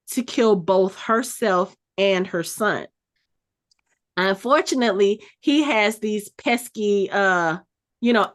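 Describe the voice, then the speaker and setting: A woman podcast host casually recapping a TV episode, telling the story with animated energy and acting out the characters' lines. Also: mid-range voice. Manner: animated storytelling, acts out quotes.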